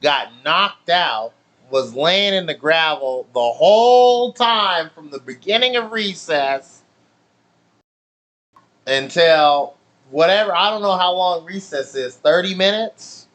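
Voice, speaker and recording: A man's voice: high voice, takes it slowly. A man casually telling a childhood story, swearing freely and laughing as he goes. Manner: profane, laughing, animated storytelling. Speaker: channel host.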